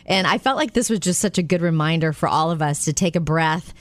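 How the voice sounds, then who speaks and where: A woman's voice: deep voice, fairly quick, no room sound. A woman co-hosting a radio show, chatting casually and reading light news features with a bubbly, laughing manner. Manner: bubbly, laughs often, animated storytelling.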